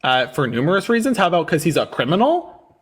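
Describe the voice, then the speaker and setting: A man hosting a casual livestream debate. His voice sits a bit high, and his delivery is teasing and sarcastic. He scolds callers in a mocking, talking-down tone. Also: sing-song, fast, breathy edge.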